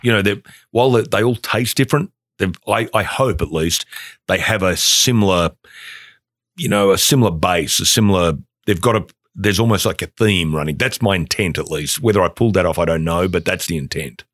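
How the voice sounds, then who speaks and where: A very low-pitched man from Australia talks as a podcast guest. He rambles eagerly, piling on fillers as he goes. His voice sounds dry and close to the mic. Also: brisk, fairly bright tone, dry recording. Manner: enthusiastic, rambling with many fillers. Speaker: guest, bourbon company founder. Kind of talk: casual podcast chat.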